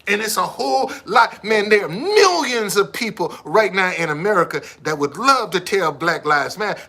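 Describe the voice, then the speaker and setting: Man, seventies, missing tooth, preachy profane rant, high-pitched, sharp forceful tone. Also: expressive, normal speed, few pauses. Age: 70s. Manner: emphatic, preachy, swears often. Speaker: live streamer.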